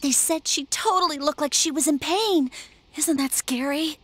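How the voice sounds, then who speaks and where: A woman voicing an excited, gossiping teenage schoolgirl in a video game. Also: sits high, normal speed, no room sound. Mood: gossipy.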